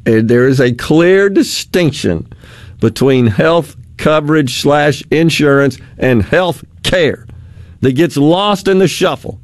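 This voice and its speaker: Slow-talking sarcastic talk radio host. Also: male voice, fairly high pitch, dry recording. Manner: animated, sarcastic, laughs often.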